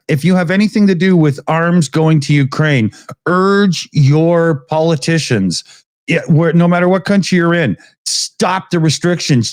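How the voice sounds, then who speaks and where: A man co-hosting a casual news chat show, giving blunt, opinionated remarks and quick quips. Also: fairly high pitch. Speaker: co-host.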